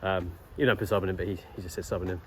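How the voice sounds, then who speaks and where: A man's voice: low-pitched, fairly even intonation, very fast, a bit bright, a little hiss or hum. A young man vlogging, telling a story in a laid-back, rambling way with lots of fillers and restarts. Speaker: travel vlogger. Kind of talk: casual storytelling vlog.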